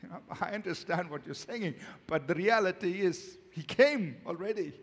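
A male pastor preaching a sermon, swinging from emphatic, loud declarations to hushed, quiet lines. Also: high-pitched, moderate pace, slightly rough, big-room sound.

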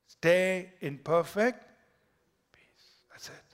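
Guy preaching a sermon, bit high voiced, goes loud then whispery. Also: lively intonation, normal speed, pauses often. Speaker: pastor.

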